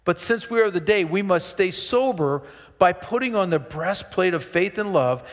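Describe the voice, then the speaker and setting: A middle-aged man preaches with a high, ringing voice, full of emphatic bursts and quick asides to his listeners. His words carry a long reverb through a church hall. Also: lively intonation. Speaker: pastor. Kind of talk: sermon. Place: church sanctuary.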